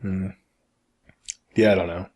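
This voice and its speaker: A man's voice: low voice, flat delivery, a little slow, a little mellow. A young man co-hosting a casual gaming podcast, joking around and laughing often. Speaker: podcast co-host.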